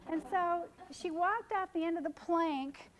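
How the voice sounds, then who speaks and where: High-voiced woman telling wedding stories. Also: a little slow. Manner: animated storyteller who acts out quoted people. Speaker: wedding photographer presenting to colleagues. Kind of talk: seminar talk with storytelling. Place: seminar room.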